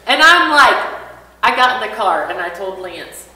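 Woman, bright tone, animated storytelling, acts out dialogue, far from mic, echoey church room. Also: medium pitch, moderate pace. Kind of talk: casual personal story. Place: church classroom.

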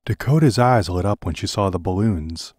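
Deep-voiced man, deadpan parody audiobook reading, close dry mic. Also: normal speed, breathy edge, no echo. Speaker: narrator.

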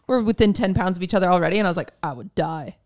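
A woman's voice: medium pitch, very fast, a little mellow, clean tone. A woman co-host on a podcast, chatting and rambling with laughs. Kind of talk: casual chat.

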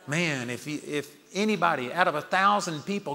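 A man's voice: a little high, lively intonation, a little fast, hardly any pauses, sharp tone. A man preaching and praying fervently to a room of students, exhorting them to commit themselves. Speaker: Bible college founder and teacher. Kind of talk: sermon and prayer. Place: large auditorium. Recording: reverberant hall.

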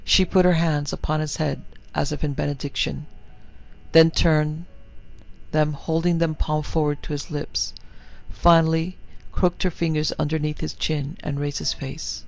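A man narrating a scripted horror story in a measured, somber, literary manner. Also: a little high, flat delivery, gravelly, highs cut off.

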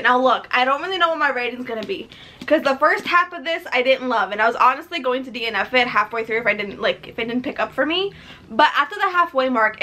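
A woman's voice: on the high side, pushed and bright. A woman talking casually in a book vlog, chatty and effusive, with lots of fillers. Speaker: book vlogger.

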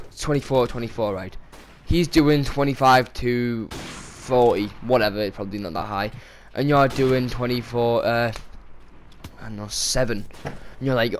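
A man's voice: mid-range voice, normal speed, slight background noise. A young man ranting casually over gameplay, swearing and exasperated with sudden outbursts. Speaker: gaming commentator. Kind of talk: casual gameplay commentary rant.

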